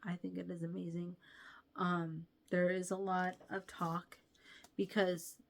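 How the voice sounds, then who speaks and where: A woman's voice: fairly low pitch, little pitch movement, a little slow, gravelly. A young woman hosting a casual book review vlog, gushing and chatty with many fillers.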